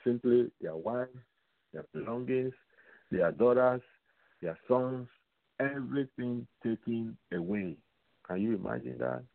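A man teaching from the Bible on a radio program, slow and repetitive, putting rhetorical questions to his listeners. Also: mid-range voice, creaky, dry recording. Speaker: radio preacher. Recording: tinny phone-line sound, dry.

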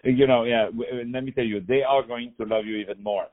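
A man's voice: mid-range voice, steady tone, brisk, narrow, tinny audio. A man hosting a radio interview, effusive and full of repeated praise. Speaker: radio host. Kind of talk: enthusiastic interview.

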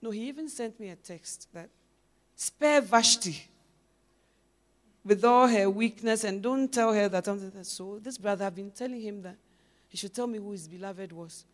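A woman preaching a sermon as a pastor's wife, swinging from loud, emphatic exhortation to low, musing questions. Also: moderate pace.

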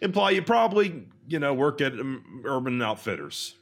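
A man's voice: mid-range voice, big pitch swings, moderate pace. A young man co-hosting a comedy podcast, chatting casually in a blunt, boastful manner. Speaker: podcast co-host.

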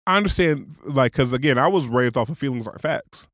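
A man's voice: medium pitch, lively intonation, a little fast, a bit bright, no room sound, studio quality. Laid-back teasing man podcast co-host. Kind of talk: casual chat.

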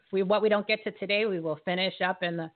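Energetic woman host on a tinny line. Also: mid-range voice, fast. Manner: energetic, emphatic, rallying the audience. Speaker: live show host. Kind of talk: casual live show talk.

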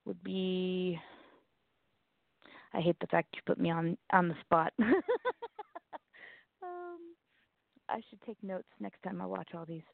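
A woman's voice: on the low side, takes it slowly, gravelly, pauses often, no room sound. Southern woman co-host, blunt and rambling, self-mocking, over a thin phone-like line. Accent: Southern American. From Southern United States. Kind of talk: casual chat. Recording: tinny phone-like line, dry.

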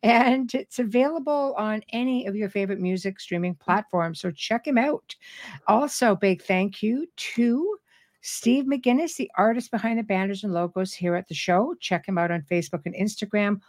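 A woman's voice: medium pitch, moderate pace. Robust-voiced middle-aged woman host. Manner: robust, animated, laughs often. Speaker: radio show host. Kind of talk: casual live-show chat.

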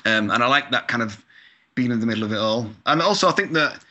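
A man's voice: medium pitch, expressive, fast, pushed and bright. A Scottish-born man, a video game composer, chatting casually in an interview, full of fillers, mild swearing and self-deprecating asides. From Scotland. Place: lives in California.

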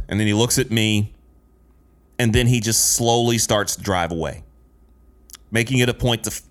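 A man's voice: medium pitch, fairly bright tone. A man in his late thirties telling a personal story in an earnest, emphatic way, building his points through repetition. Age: late 30s.

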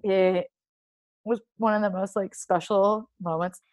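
A woman's voice: medium pitch, unhurried. Chatty young woman telling a story. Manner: animated, heavy use of "like", acts out quoted dialogue. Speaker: guest, professional soccer player. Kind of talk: casual interview storytelling.

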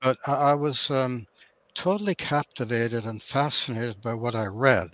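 A man in his seventies, from Canada, with an accent halfway between Canadian and Australian, answering interview questions in a measured, formal way over a video call. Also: mid-range voice, fairly bright tone, no room sound. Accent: mixed Canadian and Australian. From Thunder Bay, Canada. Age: 70s. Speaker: guest author.

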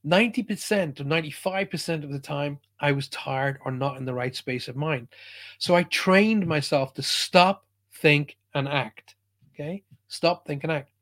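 Man, middle-aged, slightly high voice, emphatic spiritual talk. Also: normal speed, a bit bright. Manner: emphatic, checks in with "okay?". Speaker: spiritual speaker. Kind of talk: motivational talk to viewers.

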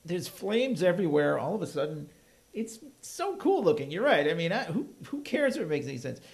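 A man chatting casually about a movie as a podcast co-host, animated and laughing as he acts out the lines. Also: on the high side, a little fast, vocal fry.

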